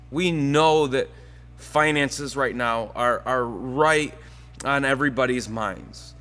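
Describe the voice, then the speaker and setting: A man's voice: medium pitch, fairly bright tone. A man pastor giving a conversational sermon, telling a joke story and talking casually with the congregation.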